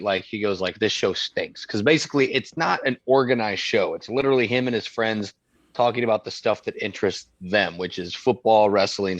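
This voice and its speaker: A podcast co-host with a low-leaning voice chats casually, telling stories in a rambling way packed with fillers. The recording is muffled and has no room sound.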